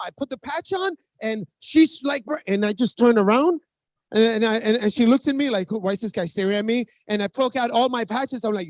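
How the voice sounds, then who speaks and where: A man speaking as a network marketing distributor, giving an urgent motivational pitch with stories and often calling the audience guys. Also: no echo.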